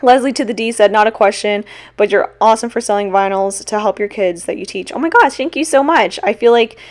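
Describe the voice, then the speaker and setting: A young woman answers viewer questions in a loose, chatty way. She pokes fun at herself and laughs often. Her voice sits in a middle pitch, and she talks into her own mic. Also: fairly quick. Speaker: teacher and small-shop vlogger. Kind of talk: casual Q&A chat.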